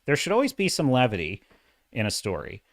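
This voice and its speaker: Male livestream host, middle-aged, dramatic and lively delivery, dry close-miked sound. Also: mid-range voice, fairly quick, dry recording. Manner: animated, self-described dramatic, reads chat comments. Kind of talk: casual livestream commentary.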